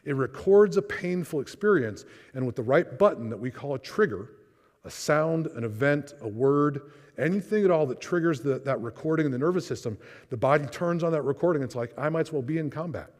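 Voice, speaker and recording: A man's voice: on the high side, lively intonation, brisk, darkish tone. A man giving a conversational church seminar talk on trauma, acting out inner voices in quotes. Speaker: speaker on trauma. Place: church hall. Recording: reverberant church hall.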